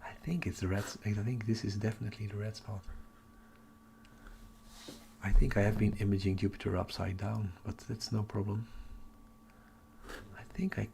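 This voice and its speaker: Gravelly excited man thinking aloud. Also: fairly low pitch, normal speed, long pauses, a little hiss or hum. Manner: excited, thinking aloud, drops to a whisper at times. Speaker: astronomy livestream host. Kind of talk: live-streamed casual chat. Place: home at night.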